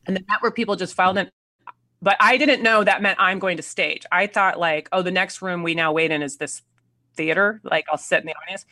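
Woman guest, lowish and bright voice, animated storyteller, dry close sound. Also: brisk, no room sound. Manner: animated storyteller, acts out quotes, laughs often. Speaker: actress guest. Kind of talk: casual anecdote telling.

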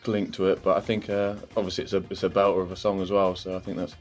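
A low-voiced man giving casual interview answers, low-key and hesitant, with plenty of fillers. His voice stays flat but moves quickly, and faint music plays underneath. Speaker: interview guest, rugby player. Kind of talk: casual chat.

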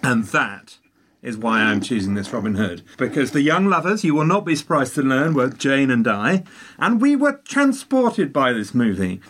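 A man chatting casually, telling a long story with animated asides and tangents. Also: medium pitch, normal speed. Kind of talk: casual chat.

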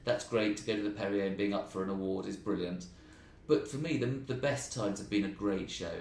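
A man with an English accent, a stand-up comedian telling animated, ranting stories in a casual interview chat. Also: on the low side, fairly quick, slight background noise. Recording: roomy, distant mic.

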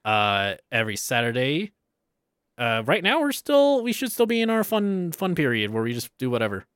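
A man's voice: mid-range voice, wildly swooping pitch, normal speed, a bit bright, clean tone, no room sound, clean studio sound. A young man co-hosting a casual podcast chat, rambling and laughing often. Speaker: podcast co-host.

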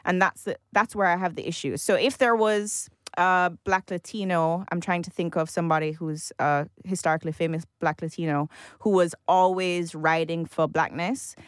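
A woman co-hosting a casual panel discussion, animated and laughing often as she talks in long, flowing runs. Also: lowish voice, normal speed, hardly any pauses, clear, resonant tone, no room sound. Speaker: podcast co-host.

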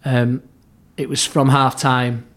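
A middle-aged man, a former football club therapist, tells stories as a podcast guest. He acts out quoted lines, often restarts his sentences and turns low and hushed at tense moments. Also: flat delivery, slow pace. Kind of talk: anecdotal storytelling in an interview.

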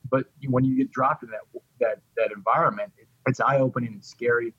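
A man's voice: medium pitch, fairly even intonation, a little fast, a bit bright, husky, dry recording, muffled recording. A middle-aged man telling his recovery story in an interview, heartfelt and repeating words as he goes. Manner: heartfelt, repeats words, addresses the host by name.

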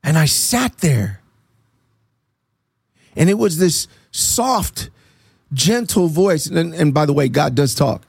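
A man with a gravelly, fairly high voice gives an earnest faith testimony. He tells his stories in an animated way and acts out the dialogue. The sound is dry and close. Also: slow pace, long pauses, dry recording. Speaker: interview guest.

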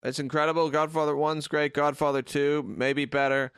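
A man's voice: a little high, level tone, moderate pace, a bit bright, smooth, no room sound, clean studio sound. A man co-hosting a podcast in casual chat, blunt, opinionated and sweary. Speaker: podcast co-host.

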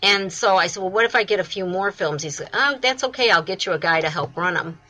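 A woman's voice: lowish voice, quick pace, pushed and bright, low-quality recording. A woman from the United States, a film festival founder, talking eagerly as an interview guest.

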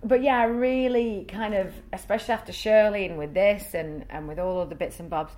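An actress chatting as a guest in a casual interview, talking freely and often checking in with "you know". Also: female voice, mid-range voice, brisk, darkish tone.

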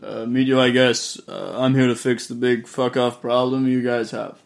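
A man's voice: medium pitch, little pitch movement, moderate pace, vocal fry. Blunt, sarcastic male player. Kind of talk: casual in-character banter.

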